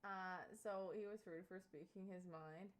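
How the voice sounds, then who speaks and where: A woman's voice: on the low side, a little slow. A young woman streamer telling a story casually to her chat, full of fillers and frequent laughter. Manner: animated, laughs often, many fillers like "like" and "um". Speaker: live streamer.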